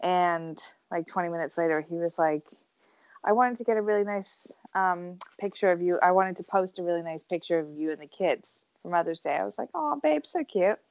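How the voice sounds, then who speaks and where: Chatty woman with a lowish voice. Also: fairly quick, no echo, highs cut off. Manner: chatty, lots of "like" and "um". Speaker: podcast co-host. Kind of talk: casual chat among friends.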